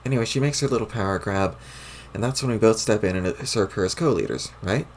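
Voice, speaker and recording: A man's voice: lowish voice, fast talker, darkish tone, slight background noise, natural voice. A man voicing a smug, scheming young female troll while reading a webcomic aloud, with a mocking tone.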